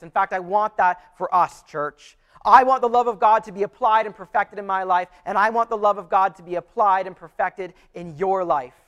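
High-voiced man preaching a sermon. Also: a bit bright. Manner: earnest, conversational preaching with repeated restarts. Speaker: pastor.

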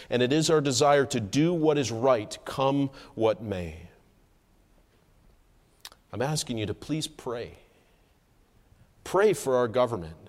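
A man delivers a sermon from the pulpit in an earnest, measured way. His voice sits at an ordinary middle pitch and climbs with emphasis on key points. The sanctuary adds a long, trailing reverb. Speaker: pastor. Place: church sanctuary.

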